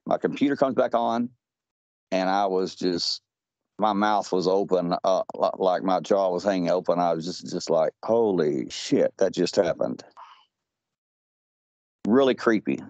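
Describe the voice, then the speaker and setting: A man's voice: low-pitched, measured pace, a little mellow, no echo. A man on a podcast call, retelling a strange conversation in a rambling way with lots of "he says.". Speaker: podcast guest. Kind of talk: casual podcast storytelling. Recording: dull lo-fi audio.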